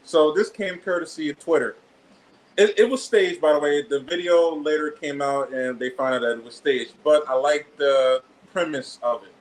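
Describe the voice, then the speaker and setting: Male co-host, slightly high voice, relaxed casual chat. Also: moderate pace, poor audio. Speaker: podcast co-host.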